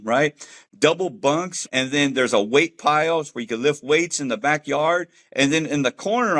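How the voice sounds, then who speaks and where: A man's voice: a little high, fairly bright tone. A man giving an earnest, heartfelt personal faith testimony about leaving gang life, speaking casually with street slang. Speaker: former gang member sharing a faith testimony.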